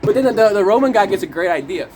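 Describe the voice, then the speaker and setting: A young man recapping a movie in a casual vlog, animated and profane, acting out scenes as he talks outdoors in cold wet weather. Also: high voice, rapid-fire, background noise. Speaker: movie reviewer.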